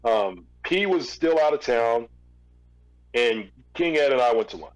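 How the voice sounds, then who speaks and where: A man's voice: medium pitch, expressive, unhurried, rough recording. A man, a former record label executive, telling a long story in a casual interview, with fillers and restarts.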